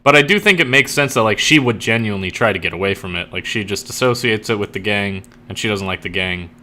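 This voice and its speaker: A man chatting casually on a live stream, rambling and full of "like" fillers, getting excitable when enthusiastic. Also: fairly low pitch, quick pace. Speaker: streamer and fiction writer.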